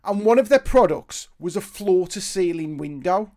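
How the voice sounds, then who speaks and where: A man's voice: high voice, normal speed. A man telling a funny story in casual chat, acting out quotes and laughing as he goes. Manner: animated, laughing anecdote-teller who acts out quotes. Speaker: podcast co-host.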